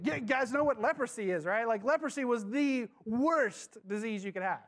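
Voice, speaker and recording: A man preaching a sermon to his church, passionate, with dramatic pauses and questions to the congregation. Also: extremely high pitch, expressive, a bit bright. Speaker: pastor.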